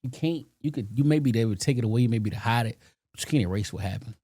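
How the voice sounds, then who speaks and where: A man co-hosting a casual podcast, chiming in with quick interjections and agreement. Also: mid-range voice, dark tone, slightly rough, no echo, clean studio sound. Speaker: podcast co-host.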